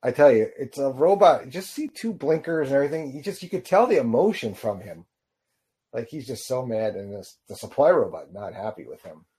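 A man giving casual reaction commentary on a short film, rambling and halting with lots of fillers. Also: medium pitch, expressive, dark tone. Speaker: video reactor.

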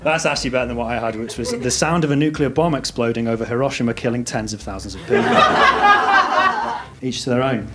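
A man hosting a jokey quiz at a live show, with a deadpan, mock-apologetic delivery. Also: mid-range voice, brisk, heavy background noise. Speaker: comedy show host. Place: live venue. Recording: echoey room with loud music.

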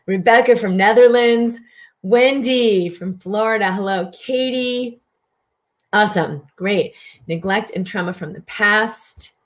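A woman's voice: mid-range voice, takes it slowly. A middle-aged woman physician hosting a live stream, chatty, greeting viewers by name as she guides a wellness session.

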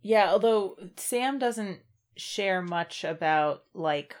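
This podcast co-host speaks slowly in a mid-range voice while talking casually about books. Between bits of conversation, she reads passages aloud evenly.

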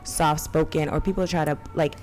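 A woman's voice: deep voice, steady tone, normal speed, darkish tone, faint music behind. A woman from Brooklyn in a casual chat as podcast co-host, blunt, swearing, telling stories with animation.

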